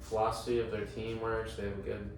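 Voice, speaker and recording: A man's voice: lowish voice, completely flat delivery, fast talker. A young man from Connecticut co-hosting a casual sports podcast, rambling with lots of fillers and swearing. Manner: loose, rambling, heavy on fillers and profanity. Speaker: podcast co-host. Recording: distant mic in a very echoey room, faint room noise.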